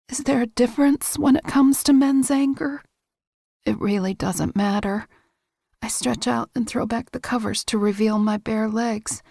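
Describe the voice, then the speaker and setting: Gravelly woman narrating an audiobook. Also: a little high, no echo, clean studio sound. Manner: steady, intimate, measured reading. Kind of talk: first-person audiobook narration.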